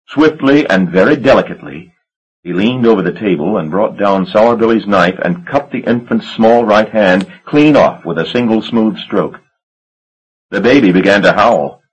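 A man reading a gothic novel aloud as an audiobook narrator, in a measured, dramatic storytelling manner. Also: fairly low pitch, husky, highs cut off. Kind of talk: scripted narration.

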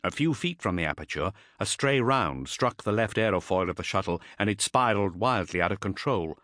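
A man narrating an audiobook in an expressive, dramatic storytelling manner. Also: lowish voice, brisk, dry recording, clean studio sound.

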